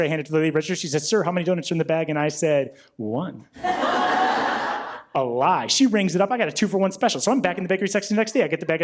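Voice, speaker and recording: Deadpan fast-talking stand-up comedian man. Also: a little high. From Illinois. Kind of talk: stand-up set. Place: comedy club stage.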